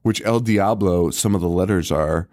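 Casting note: young male podcast co-host, mellow dark tone, loose and profane, laughs a lot. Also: sits low, normal speed. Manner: laid-back, swears a lot, laughs often. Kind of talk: casual chat.

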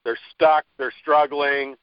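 A male interview host with a slightly raised pitch asks long, encouraging questions that draw out his guest. The sound is dry and close. It also comes across dull and lo-fi. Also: fairly even intonation, takes it slowly, clean tone, dry recording.

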